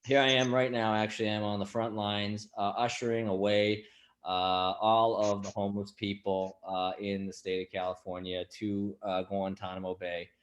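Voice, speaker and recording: A man's voice: fairly low pitch, flat delivery, normal speed. A man from Boston doing crude, sarcastic casual stand-up as a guest comedian over a video call. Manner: crude, sarcastic, drifts into put-on voices.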